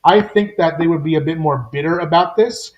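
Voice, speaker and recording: A man's voice: fairly high pitch, highs cut off. Man recapping a comic, echoey room. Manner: reads comic dialogue briskly, opinionated. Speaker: podcast co-host. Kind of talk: casual recap chat.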